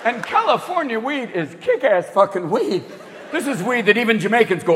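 A man doing a stand-up comedy routine on a club stage, talking fast and manic and jumping in and out of character voices. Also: extremely high pitch, big pitch swings, noisy background. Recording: echoing venue, loud crowd laughter.

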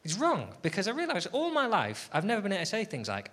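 A man's voice: high-pitched, fast talker. A man doing a stand-up routine, telling stories in an exasperated, sweary way. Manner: sweary, exasperated, animated storytelling. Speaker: stand-up comedian. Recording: loud background noise.

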